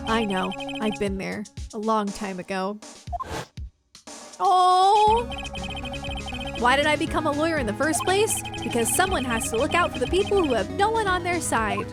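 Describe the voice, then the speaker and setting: An earnest, determined young defense lawyer from a courtroom game, read aloud by a woman in her own voice. Her bright, high voice moves with lively swings, and game music plays clearly behind it. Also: normal speed. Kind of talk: reading game dialogue aloud.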